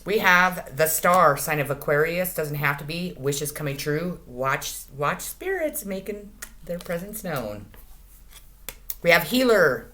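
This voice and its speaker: Low-voiced crude woman doing tarot. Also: lively intonation, measured pace, a little hiss or hum. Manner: crude, profane, swings between loud and soft. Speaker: tarot reader. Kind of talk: casual tarot reading monologue.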